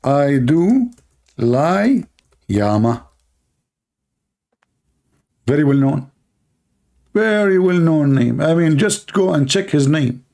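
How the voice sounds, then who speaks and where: Hosting a livestream, this man talks slowly in a slightly high, gravelly voice with a dark tone and animated delivery. His satirical monologue to viewers is mocking and sarcastic, spoken in broken English.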